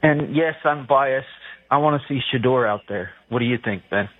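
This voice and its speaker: A man's voice: medium pitch, moderate pace, no room sound. A man calling into a sports radio show, rambling and hesitant as he makes his point. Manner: meandering, hesitant, "you know". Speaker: caller. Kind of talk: rambling call-in talk. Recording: phone line, dry.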